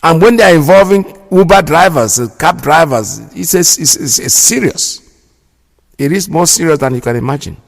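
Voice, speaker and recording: A man's voice: fairly high pitch, expressive, moderate pace, gravelly. A man hosting a radio show, giving indignant, preachy commentary and repeating himself for emphasis. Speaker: radio host. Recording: long hall reverb.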